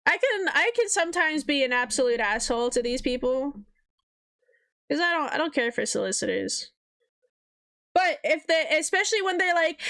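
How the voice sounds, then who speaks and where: A woman's voice: high voice, expressive, fairly quick, fairly bright tone. A young woman streaming live as an artist, chatting casually in a blunt, profane way and often mimicking people. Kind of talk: casual livestream chat.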